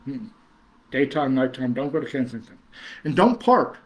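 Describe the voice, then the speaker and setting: A man's voice: medium pitch, big pitch swings, normal speed. Rambling man, chatty host. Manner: rambling, chuckling, many fillers and restarts. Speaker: horror host reading live chat. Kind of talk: casual livestream chat.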